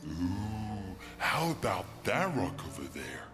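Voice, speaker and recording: A woman's voice: very deep voice, very animated, slow, music in the background, heavily acted. A woman voicing a playful, upbeat young companion in a video game, cheerful and teasing.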